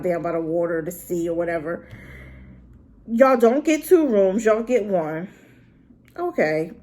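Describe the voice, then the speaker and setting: A woman's voice: fairly high pitch, darkish tone. A woman reviewing a drama to camera in an unscripted, rambling rant, exclaiming and talking straight to her viewers. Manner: unscripted and unedited.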